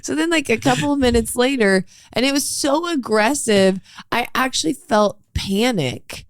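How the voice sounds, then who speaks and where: A woman co-hosting a relationship podcast, telling stories in an animated, chatty way and laughing often. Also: fairly high pitch, a little slow, clean tone, no echo. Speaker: podcast co-host. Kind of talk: casual chat.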